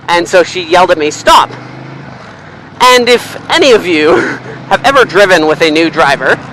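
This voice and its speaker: A young man, chatting casually and swearing freely while driving, rambling and excitable. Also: on the high side, low-quality recording. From Canada. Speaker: vlogger. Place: inside a car, driving in city traffic. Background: faint car and road noise.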